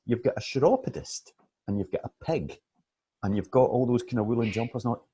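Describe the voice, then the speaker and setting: Animated scottish man chatting. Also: mid-range voice, fairly quick, husky. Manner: animated, laughs often, chatty. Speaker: podcast co-host. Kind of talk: casual chat.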